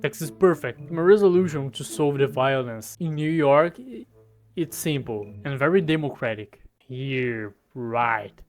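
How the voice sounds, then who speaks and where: A Brazilian man with Portuguese as his first language, giving mock-pompous, crude comedic commentary in a deadpan boasting manner. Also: medium pitch, a little slow. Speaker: comedy video creator. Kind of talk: comedic commentary while editing a map.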